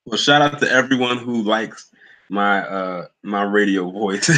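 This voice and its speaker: A man's voice: fairly low pitch, slow pace, pushed and bright, rough recording. A young man hosting a livestream, chatting loosely and greeting commenters by name. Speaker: livestream host. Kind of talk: casual live chat with viewers.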